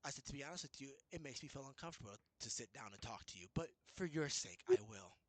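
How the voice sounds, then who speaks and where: A man's voice: medium pitch, quick pace, no echo. A man casually recounting an argument with his boss, rambling and restarting as he quotes both sides. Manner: rambling, restarts often, quotes others in lively retelling. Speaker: storyteller recounting a work dispute. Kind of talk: casual chat.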